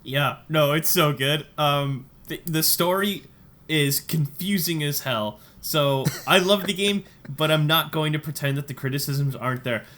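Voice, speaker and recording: Excitable man telling a funny story. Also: a little high, measured pace. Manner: excited storytelling, laughing often. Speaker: podcast co-host. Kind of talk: casual chat.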